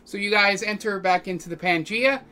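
A man narrating as game master of a tabletop game, rambling with many pauses and fillers. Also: high-pitched, bright, forceful tone, smooth. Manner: rambling, lots of ums and pauses.

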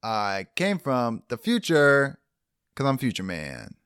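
A man's voice: mid-range voice, huge pitch swings, a bit bright, clean tone, no room sound, exaggerated voice. A goofy time traveler from the future who drags out his words in a dopey drawl, as a podcast co-host puts him on. The voice is dry and close to the mic. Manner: slow, drawn-out, dopey delivery.

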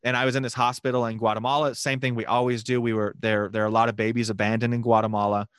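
An animated man recounting a personal story at a quick clip, his voice mid-pitched and plain. The sound is dry and close, with no room around it. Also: smooth, no room sound. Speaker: guest telling a mission story. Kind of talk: casual storytelling testimony.

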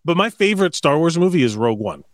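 A man's voice: on the high side, very animated, fast, no room sound, studio quality. A man co-hosting a podcast in casual chat, rambling and swearing, with many fillers and restarts. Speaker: podcast co-host.

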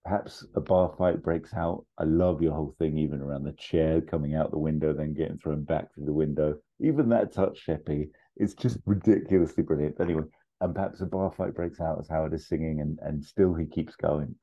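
A male podcast host pitching a film in a loose, rambling way, full of fillers and restarts. His voice is very deep and dark. The recording is dull and lo-fi. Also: steady tone, a little fast. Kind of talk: casual comedic pitch.

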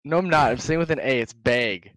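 A man's voice: mid-range voice, fairly quick, fairly bright tone, dry recording, studio quality. A man hosting a casual chat, blunt and swearing, with a mock-exasperated way of talking. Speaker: podcast host.

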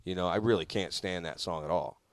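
A man's voice: low-pitched, brisk, dry recording, studio quality. A man hosting a radio show, chatting casually in a rambling, self-mocking way with frequent swearing and laughter. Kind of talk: casual chat.

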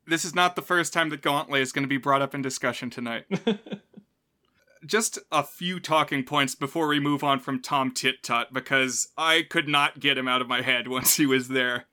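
Man, slightly high voice, bright and sharp tone, casual podcast film chat, laughs often. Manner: chatty, laughs often between remarks. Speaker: podcast co-host.

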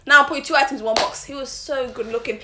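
A young woman with a high, bright voice talks quickly and swings her pitch up and down as she tells stories. She co-hosts a casual podcast, chatting in an animated way and laughing often. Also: a little hiss or hum. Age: young adult. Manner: animated storytelling with frequent laughter. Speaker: podcast co-host. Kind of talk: casual chat.

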